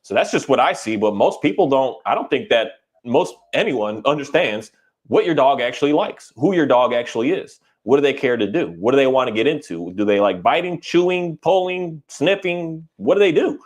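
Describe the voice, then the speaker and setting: A man's voice: expressive, normal speed. Earnest rambling man in casual talk. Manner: earnest, rambling, acts out owners and dogs in a higher voice. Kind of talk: casual podcast conversation.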